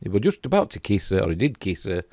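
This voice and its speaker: A man's voice: low voice, big pitch swings, fast talker, a little mellow, no echo. A middle-aged man with a Yorkshire accent, rambling casually and chuckling as he comments on pictures. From England. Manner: chatty, rambling, chuckling asides. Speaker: host.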